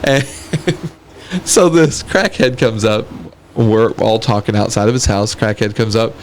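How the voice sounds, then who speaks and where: A man's voice: on the low side, slow, a little hiss or hum. A man co-hosting a podcast, telling a story in a casual chat and laughing often as he talks. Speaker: podcast co-host.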